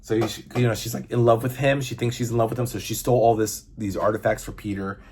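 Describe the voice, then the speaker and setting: A man's voice: fairly low pitch, steady tone, fast talker, a little mellow, slight background noise. A man in his fifties, a comic book reviewer, chatting casually and enthusiastically, rambling and swearing now and then. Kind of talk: casual chat.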